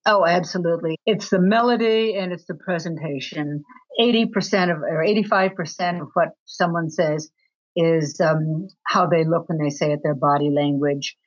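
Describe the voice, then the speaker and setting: Expressive low-pitched woman, dull recording. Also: normal speed. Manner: expressive, pitch leaping up for emphasis. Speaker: guest author on attraction. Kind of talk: interview answers.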